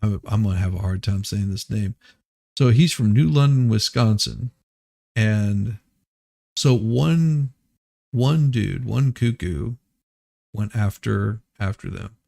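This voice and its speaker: A man's voice: lowish voice, takes it slowly, gravelly, pauses often, warm tone. A man hosting a casual news commentary stream, rambling and restarting his sentences as he laughs at absurd claims. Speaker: host.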